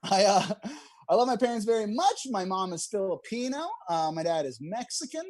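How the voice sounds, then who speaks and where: A young man streams a stand-up set online from his home via video call, ribbing himself and laughing along at his jokes. He speaks fairly quickly in a high-pitched, expressive, slightly mellow voice, with no room sound.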